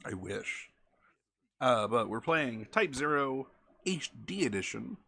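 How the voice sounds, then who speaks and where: A man's voice: medium pitch, very animated, takes it slowly, vocal fry, sharp tone. A man chatting casually as a game streamer, rambling and often correcting himself mid-sentence.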